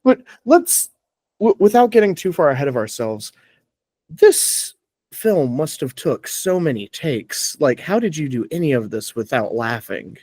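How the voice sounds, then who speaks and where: A man hosting a casual interview, asking quick, teasing questions. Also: on the high side, big pitch swings, a little mellow, dry recording. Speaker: podcast interviewer.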